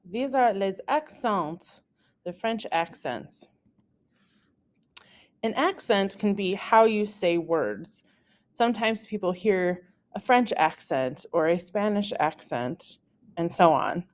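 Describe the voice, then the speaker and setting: A French teacher, a woman, narrates a scripted lesson for beginners. She explains things carefully and deliberately, and her pitch jumps lively on the examples.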